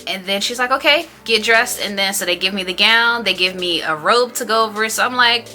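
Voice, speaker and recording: A woman in her thirties tells a personal story in a casual vlog. She is animated and acts out the other people in it with raised voices. Her voice is bright and clear, with faint music playing underneath. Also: mid-range voice, fairly quick. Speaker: beauty vlogger.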